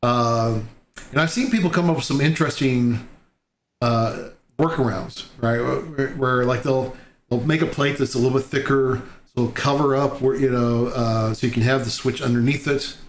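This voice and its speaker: A man's voice: mid-range voice, normal speed. A man hosting a casual interview on a video call, rambling through stories with many fillers. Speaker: host. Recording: echoey room with faint ambience.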